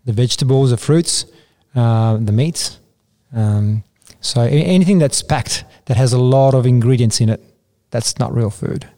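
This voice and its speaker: An Italian-accented man with a mellow, dark voice speaks as a podcast guest. He talks plainly and pauses to find his words. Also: mid-range voice. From Italy. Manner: hesitant, halting, plain-spoken. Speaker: martial arts guest. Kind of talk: casual podcast interview.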